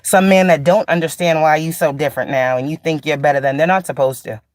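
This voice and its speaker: A woman's voice: deep voice, steady tone, fast talker, dry recording, studio quality. A woman spiritual teacher in a casual, blunt, profane monologue, laughing often and drawing out sarcastic asides.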